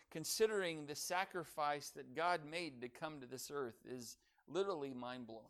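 A man preaching a sermon, building to loud emphatic declarations and dropping soft on key phrases. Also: on the high side, moderate pace, few pauses, smooth.

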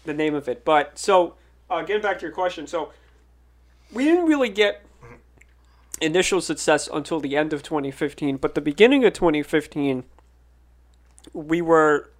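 A man's voice: on the high side, expressive, normal speed, pauses often. A man who is a filmmaker and podcast guest, chatting casually in a rambling way full of fillers and restarts. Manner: rambling, filler-heavy, laughs often. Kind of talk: casual chat.

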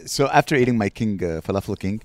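A man co-hosting a podcast in casual chat, telling travel stories in a profane, animated way. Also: fairly low pitch, fast, no echo. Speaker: podcast co-host.

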